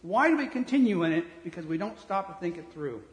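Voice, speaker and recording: Blunt preacher in an echoing hall. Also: male voice, high-pitched, big pitch swings, fairly quick. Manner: blunt, conversational preaching that swings from soft to loud. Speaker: pastor. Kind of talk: sermon. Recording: reverberant hall.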